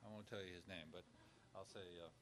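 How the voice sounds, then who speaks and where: A man's voice: low voice, fairly even intonation, quick pace, fairly bright tone, slight background noise. A man giving an informal lecture on caregiving with numbered points, talking conversationally and acting out example dialogue. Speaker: instructor on pastoral caregiving.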